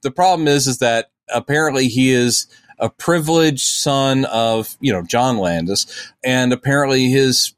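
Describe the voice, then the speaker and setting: A man's voice: medium pitch, normal speed, smooth, dry recording. A man co-hosting a podcast, chatting casually about comic books and acting out quotes in silly voices. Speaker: podcast co-host.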